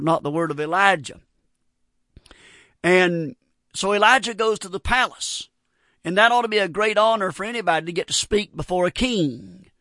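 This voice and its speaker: Middle-aged preacher guy, high bright voice, earnest and folksy, dry close sound. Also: no echo. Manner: earnest, folksy, quotes scripture in King James wording. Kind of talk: sermon.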